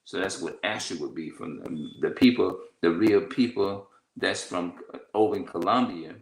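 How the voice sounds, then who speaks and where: A man giving informal religious teaching, halting and repeating himself as he reads from notes. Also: sits low, echoey room, low-quality recording.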